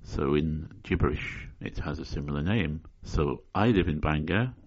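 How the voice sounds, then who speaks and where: Deadpan low-voiced man, lo-fi. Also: moderate pace. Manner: deadpan mock-scholarly, tongue-in-cheek. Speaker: podcast host. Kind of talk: solo spoken explainer.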